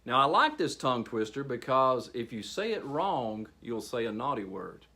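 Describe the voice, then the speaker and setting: Man leading a lively speaking workshop. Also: mid-range voice. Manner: animated, addressing a group, with pauses. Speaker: training facilitator. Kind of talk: public speaking workshop presentation.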